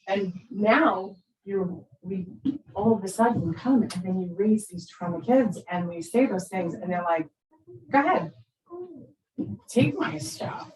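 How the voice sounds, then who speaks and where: A fifties-aged woman therapist presents to parents in a conversational way, her medium-pitched voice a little slow and darkish. She keeps checking in with "right?" and acts out quoted lines with big vocal swings. The recording is roomy and echoey, with her far from the mic.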